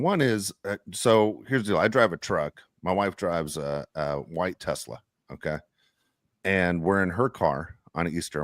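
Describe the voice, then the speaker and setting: A man's voice: sits low, dry recording, studio quality. A man co-hosting a podcast, ranting heatedly in casual talk and swearing often. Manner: heated, profane, repeats "dude". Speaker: podcast co-host.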